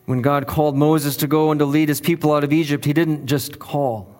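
A man preaching from the pulpit, his voice sitting a little higher than most men's. He presses his points through repetition and steady emphasis, and the words ring out with a long reverb behind them. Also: brisk. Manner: earnest, emphatic preaching with repeated phrases. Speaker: pastor. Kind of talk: sermon.

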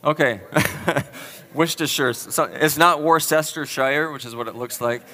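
A man's voice: medium pitch, a little slow, pushed and bright. A man preaching a sermon to a live audience, chatty and self-deprecating, quizzing the crowd with questions. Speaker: pastor. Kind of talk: sermon with a playful word quiz. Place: church hall with an audience. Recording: long reverb of a large hall.

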